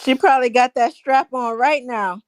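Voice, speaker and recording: A woman's voice: high voice, moderate pace, dry recording. A woman co-hosting a stream, chatting casually, laughing a lot and chiming in on clips. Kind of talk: casual reaction chat.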